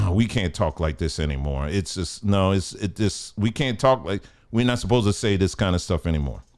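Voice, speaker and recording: A man hosting a casual commentary show, talking in a blunt, emphatic, colloquial way. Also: lowish voice.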